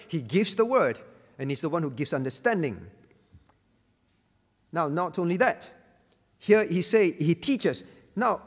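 A man with a high, lively voice teaches a Bible lesson from the pulpit. He is emphatic and repeats his key phrases for weight. His voice rings with the long reverb of a church hall. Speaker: pastor.

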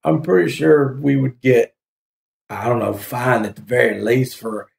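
A man's voice: mid-range voice, a little slow, creaky. A man hosting a casual video review, rambling with hesitant fillers and frequent laughter. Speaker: YouTube reviewer host. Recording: echoey room.

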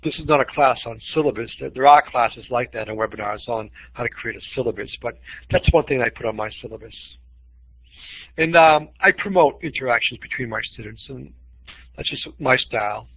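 Husky man teaching a webinar. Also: medium pitch, brisk, dry recording. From Boston. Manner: expressive, uses voice for emphasis. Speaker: webinar presenter. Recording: dull lo-fi webinar audio.

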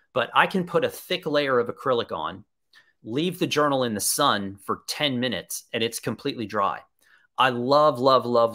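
A man's voice: mid-range voice, a bit bright. A man presenting a live webinar, talking in an enthusiastic, conversational way and answering viewer questions as he thinks aloud.

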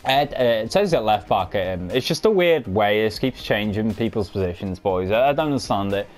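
A young man giving casual, sweary commentary on his football game, calling viewers "boys" and shouting when goals go in. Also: fairly low pitch, expressive, brisk, soft background music. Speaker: gaming commentator.

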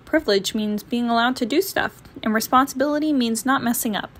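A woman voicing an excited little girl bear cub who pleads in a bubbly way in a storybook read-aloud. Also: on the high side, a little fast. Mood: eager.

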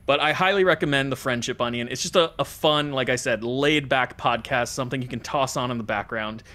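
A man from the United States co-hosts a pop-culture podcast in an easygoing, mid-pitched voice. He rambles casually, full of fillers and restarts. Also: a little fast. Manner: relaxed, rambling, frequent fillers. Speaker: podcast co-host.

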